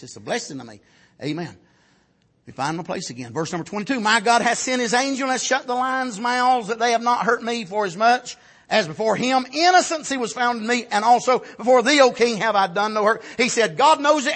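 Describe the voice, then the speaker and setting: A man delivers a fervent sermon in a high, bright voice. His tone carries a husky edge. He drops low for asides, then climbs to shouts and calls of amen. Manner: fervent, rising to shouts, frequent amens. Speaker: preacher.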